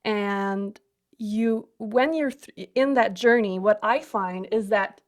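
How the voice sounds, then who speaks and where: A woman hosting a podcast, sharing her own experience in a reflective, halting way. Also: mid-range voice. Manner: reflective, with many fillers and restarts. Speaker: podcast host. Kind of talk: casual interview chat.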